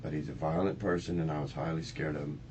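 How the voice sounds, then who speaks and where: A man being questioned by police, talking in a low, rambling, agitated way and repeating himself. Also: steady tone, quick pace, dull audio. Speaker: suspect being interviewed. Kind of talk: police interrogation recording. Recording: noisy interrogation room recording.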